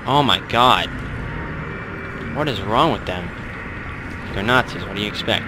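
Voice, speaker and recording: A young man commenting on his own gameplay, excitable, swearing and muttering asides. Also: lowish voice, unhurried, noisy background. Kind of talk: let's play commentary.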